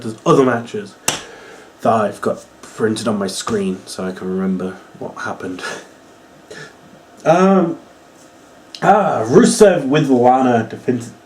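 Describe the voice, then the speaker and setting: A man's voice: mid-range voice, a little mellow, a little hiss or hum. A young man giving a casual, exasperated review full of sarcasm and fillers like "uh" and "like". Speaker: wrestling reviewer.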